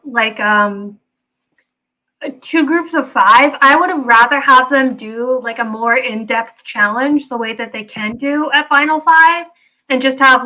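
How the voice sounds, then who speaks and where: Bright, high-voiced young woman. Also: low-quality recording. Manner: hesitant, trails off with "so". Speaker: podcast co-host. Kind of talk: casual recap chat.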